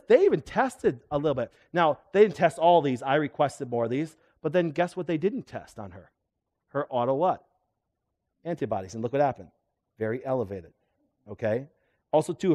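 Middle-aged male chiropractor leading a live seminar; keeps throwing questions at the room. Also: a little high. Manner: animated, asks the audience questions. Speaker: chiropractor giving a health talk. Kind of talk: live seminar lecture to an audience.

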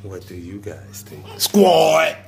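A man's voice: a little high, very animated, fairly quick, faint music behind. A man, a dad filming his family vlog, chatting and teasing in a playful way. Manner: playful, teasing, loud calls to the viewers. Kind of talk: casual family vlog chat.

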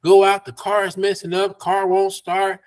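Preacher guy, high voice, folksy bible study on a video call. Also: completely flat delivery, moderate pace. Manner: preacherly, folksy, laughs between points. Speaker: pastor.

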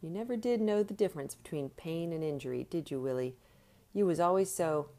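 Gruff male trainer, growls and scolds, read by a woman. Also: low-pitched, brisk, warm tone. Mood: scolding. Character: gruff man, boxing trainer, harsh and scolding.

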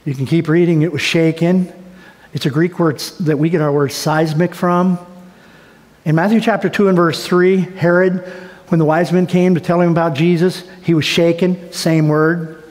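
High-voiced pastor preaching in a reverberant church. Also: male voice, moderate pace. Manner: folksy, animated storytelling with playful asides. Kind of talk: sermon. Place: church sanctuary. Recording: long church hall reverb.

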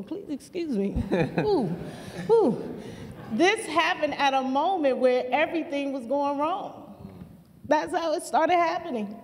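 A woman's voice: high voice, darkish tone. A woman who leads a community center, giving impassioned public remarks with earnest, repetitive emphasis. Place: museum auditorium. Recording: long hall reverb.

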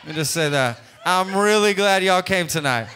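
A man's voice: high voice, animated, moderate pace, crowd noise, noisy background. A man hosting a live trivia night at a comedy club, teasing the players and laughing often. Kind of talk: live event banter.

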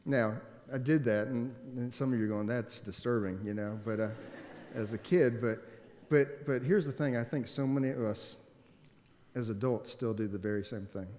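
A man in his forties, a pastor preaching a sermon in a church, telling stories and swinging between loud emphatic stretches and quiet, subdued ones. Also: mid-range voice, moderate pace, a little hiss or hum. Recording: long hall reverb.

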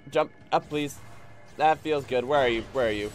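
A man streaming a game, giving casual, excitable commentary, swearing at enemies and mocking himself. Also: on the high side, normal speed, faint music behind.

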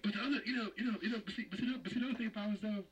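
A man's voice: high voice, fairly even intonation, very fast, distant mic, slight background noise, poor audio. A man co-hosting a casual gameplay chat, joking and laughing, throwing in playful exclamations. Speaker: co-host of a game video.

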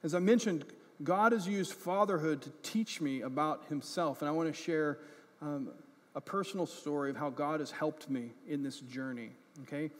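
Male pastor, high-pitched, chatty sermon delivery with frequent "right?" asides, recorded in a reverberant sanctuary. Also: moderate pace. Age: adult parent. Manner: conversational, often checking in with "right?" and "okay?"; self-deprecating, grows animated in funny moments. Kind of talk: sermon with personal storytelling. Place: church sanctuary. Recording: church hall reverb.

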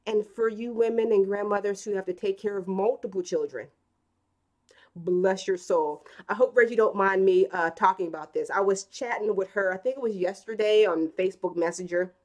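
A woman's voice: medium pitch, a little fast, few pauses, darkish tone. Chatty woman in her thirties hosting a live stream. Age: 30s. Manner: chatty, storytelling with acted quotes. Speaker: live-stream host reading chat. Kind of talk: casual live-stream chat.

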